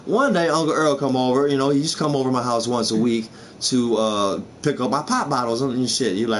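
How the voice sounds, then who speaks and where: A man in his thirties hosting a casual comedy chat show, telling stories and slipping into quick impressions. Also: medium pitch, slight background noise. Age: 30s. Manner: animated storyteller, slips into impressions. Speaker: host.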